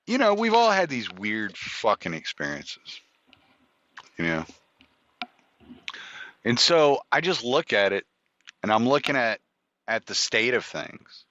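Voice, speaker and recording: With a fairly low, pushed and bright voice, this podcast host rambles through a profane personal story in casual monologue form, full of restarts and quoted exchanges. The recording is dull, lo-fi and dry, with no echo.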